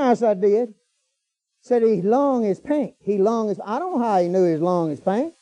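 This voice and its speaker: A man's voice: high-pitched, lively intonation, normal speed, mellow. A middle-aged man preaching a storytelling sermon in a folksy, colloquial way, breaking into hallelujahs.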